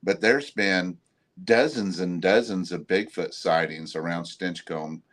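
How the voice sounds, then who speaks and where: A man from Oklahoma, a guest cryptid investigator, telling stories in a relaxed, rambling way. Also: sits low, unhurried. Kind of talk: casual storytelling.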